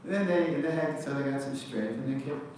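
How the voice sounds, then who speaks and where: An older man giving a lively storytelling lecture, recorded from a distance in a large hall. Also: mid-range voice, moderate pace. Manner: animated storyteller, acts out quotes. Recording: echoey hall, distant mic, noisy.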